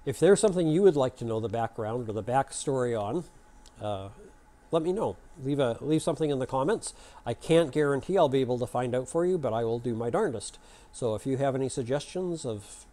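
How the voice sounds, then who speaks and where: Folksy, mellow-voiced male channel host. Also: mid-range voice. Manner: folksy, chatty, rambling. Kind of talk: casual storytelling and joke telling to camera.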